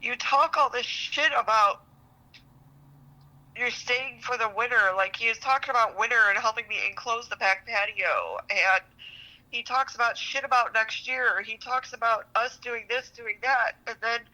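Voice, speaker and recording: A woman's voice: a little high, normal speed, bright, forceful tone, rough recording. A woman telling a personal relationship story as a podcast guest, frustrated, venting, and swearing a lot. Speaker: guest seeking relationship advice.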